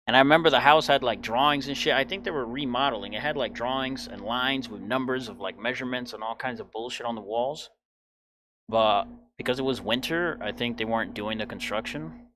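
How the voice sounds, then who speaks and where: A man's voice: medium pitch, a little fast, bright, forceful tone. A young man in his twenties telling a personal story in a casual, blunt, profane way. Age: 20s. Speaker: podcast host.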